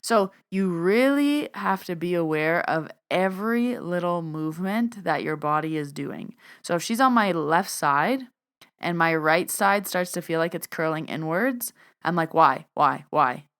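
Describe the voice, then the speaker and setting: Young woman host, deep and smooth, relaxed solo musing. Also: a little slow. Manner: casual, reflective, repeats questions. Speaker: podcast host, energy worker. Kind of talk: solo podcast talk.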